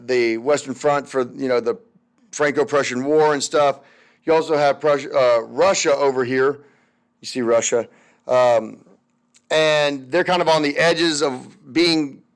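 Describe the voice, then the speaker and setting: A young man teaching a recorded history lecture over slides, chatty and loose, with many fillers and wry asides. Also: mid-range voice.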